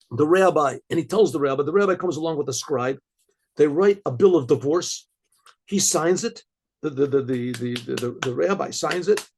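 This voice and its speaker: Gravelly rabbi telling a story. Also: male voice, a little high, sing-song. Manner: halting, stumbles and repeats words while searching. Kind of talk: casual oral storytelling.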